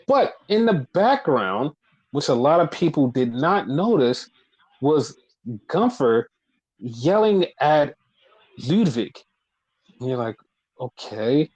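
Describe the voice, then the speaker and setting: A man co-hosting a podcast, casually recapping wrestling in a profane, animated way. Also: a little high, rough recording. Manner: profane, animated retelling with put-on quotes. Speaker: podcast co-host.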